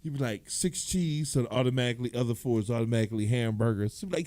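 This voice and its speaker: A man with a Detroit accent telling a loud, animated stand-up story, acting out the people in it and laughing often. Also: medium pitch, fast, hardly any pauses, no echo. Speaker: stand-up comedian.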